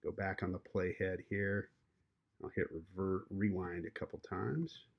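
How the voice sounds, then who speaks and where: A man teaching a journalism class, walking through an audio editing tutorial in a relaxed way with many fillers. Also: deep voice, unhurried, vocal fry, dull audio. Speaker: journalism instructor. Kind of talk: screen-recorded software tutorial.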